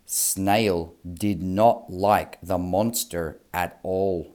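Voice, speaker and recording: Very slow sing-song storyteller man. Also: fairly low pitch, darkish tone. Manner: slow, clear, sing-song reading for children. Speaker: storyteller reading aloud. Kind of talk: children's read-aloud.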